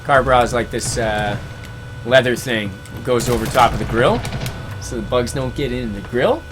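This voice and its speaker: A man's voice: mid-range voice, animated, normal speed. Laid-back man storyteller over music. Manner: laid-back, chuckling storyteller who slips into voices for quoted friends. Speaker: gaming livestream host. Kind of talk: casual chat, storytelling between reading chat comments.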